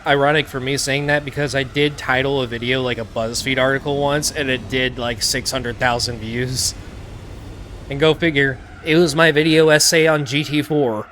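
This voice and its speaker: A man's voice: medium pitch, steady tone, normal speed, fairly bright tone, a little hiss or hum. Laid-back man with a worn-out throat. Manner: laid-back, self-deprecating, rambling asides. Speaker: gaming streamer. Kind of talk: casual let's play commentary. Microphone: desk mic.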